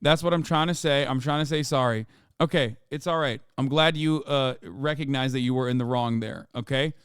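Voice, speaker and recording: A man's voice: medium pitch, normal speed, smooth, no echo, studio quality. A man in his thirties streaming a casual reaction, exasperated and ranting, swearing often.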